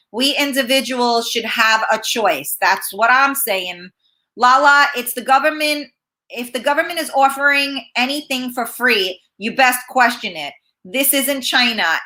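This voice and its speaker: A woman's voice: on the high side, bright, forceful tone. A woman hosting a casual live-stream talk show, reading viewer comments aloud and answering them with plenty of fillers. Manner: chatty, reads comments aloud, hesitant with many fillers.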